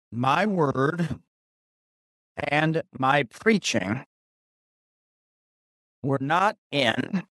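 Man, Bible teaching, very slow pace, higher voice, dry close sound, repeats phrases. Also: a bit bright, no room sound. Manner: deliberate, pausing, repeats key phrases.

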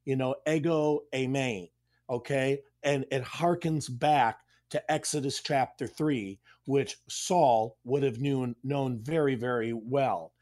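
A man's voice: mid-range voice, takes it slowly, darkish tone. A middle-aged man, a pastor hosting a Bible study, explaining a passage in an emphatic, conversational way with frequent restarts.

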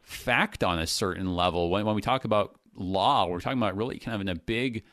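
A man's voice: on the low side, fairly quick, fairly bright tone, no echo, studio quality. A man hosting a radio talk show as a pastor, thinking aloud in casual talk with many restarts and fillers.

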